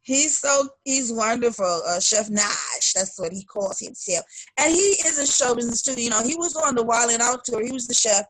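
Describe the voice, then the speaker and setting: A woman's voice: on the high side, normal speed, a little hiss or hum. A middle-aged woman from Chicago, a singer chatting as an interview guest and acting out her family's lines with animation. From Chicago, United States. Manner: animated, acts out quoted voices of family. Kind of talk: casual interview chat.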